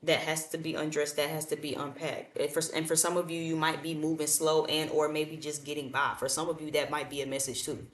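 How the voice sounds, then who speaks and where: Woman, tarot reader, very low voice, blunt and repetitive, echoey room, far from the mic. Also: little pitch movement, brisk, few pauses, a little hiss or hum. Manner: blunt, repetitive, colloquial, addresses the viewers directly. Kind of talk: casual tarot reading.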